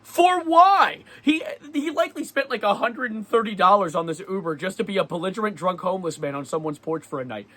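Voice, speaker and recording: A young man vlogging, telling a story in a lively, sarcastic way and often laughing. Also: high voice, fast talker, few pauses. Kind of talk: casual storytelling vlog.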